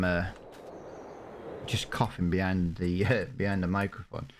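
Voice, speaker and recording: A man's voice: sits low, flat delivery, unhurried, slight background noise. A man giving casual, rambling let's-play commentary over a farming game, with many fillers and restarts. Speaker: gaming YouTuber.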